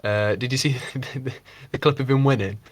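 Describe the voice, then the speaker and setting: A man co-hosting a casual podcast, rambling and swearing freely as he mocks people with quick impressions. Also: medium pitch, dry recording. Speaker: podcast co-host. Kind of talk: casual chat.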